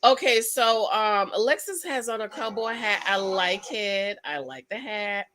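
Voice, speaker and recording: A woman hosting her own channel, chatting through a reality TV recap with gossipy asides and quick exclamations. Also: medium pitch, lively intonation, a bit bright. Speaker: channel host. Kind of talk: casual reality TV recap commentary.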